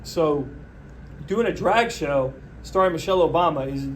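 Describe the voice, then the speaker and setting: Male host, slightly higher register, deadpan sarcastic monologue, faint hiss behind. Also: normal speed. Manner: sarcastic, mocking, deadpan pitching. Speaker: podcast host. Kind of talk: solo comedic political rant.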